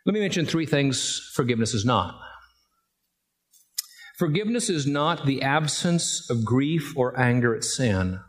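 A man's voice: mid-range voice, animated, unhurried. A middle-aged man preaching a sermon, telling a family story and building to emphatic rising peaks. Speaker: pastor.

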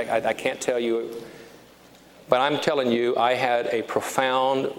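Emphatic pastor in an echoing hall. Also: male voice, mid-range voice. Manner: emphatic, repeats key phrases, slows down for stress. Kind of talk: sermon. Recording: reverberant hall with faint noise.

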